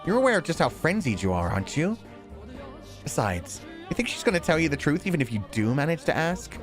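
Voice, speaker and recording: A man's voice: a little high, sing-song, a little fast, music in the background. A man voicing a scheming young woman who drops her sweet act, reading visual novel lines in a cold, sneering manner. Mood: commanding. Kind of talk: visual novel dialogue read aloud.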